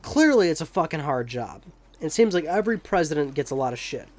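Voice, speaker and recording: Young male let's-player, slightly high voice, rambling and jokey, swears casually. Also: sing-song, a little fast, darkish tone. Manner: rambling, joking, profane asides. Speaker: let's play commentator. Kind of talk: casual gameplay commentary.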